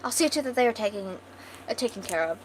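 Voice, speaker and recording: A woman's voice: a little high, lively intonation, fast, slight background noise, lightly acted, rough recording. A woman voicing a posh, cold-hearted queen who speaks in prim, overly polite phrases. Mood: posh, gracious.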